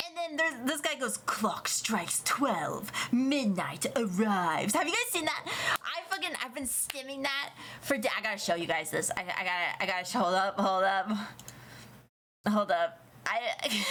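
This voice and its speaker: A young woman streamer chatting casually with her viewers, rambling, swearing and getting excited. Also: fairly high pitch. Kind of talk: casual livestream chat.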